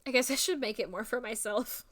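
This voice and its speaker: Bright, giggly woman with a Jersey accent. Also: on the high side, brisk. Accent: New Jersey / Philadelphia area. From New Jersey, USA. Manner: rambling, giggly, self-mocking. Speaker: streamer. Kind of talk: casual chat.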